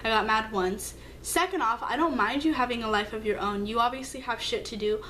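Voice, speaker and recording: A young woman telling a storytime vlog, emphatic and upset, swearing freely and jumping up in pitch as she acts out a text exchange. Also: a little fast, a bit bright, a little hiss or hum. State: upset, hurt. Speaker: vlogger.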